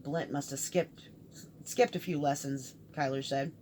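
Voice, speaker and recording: A woman reads a fantasy novel aloud in a fairly low voice, carrying the narration and every character's lines in one steady delivery. A faint background hiss sits under the recording. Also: moderate pace. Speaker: audiobook reader. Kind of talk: scripted narration.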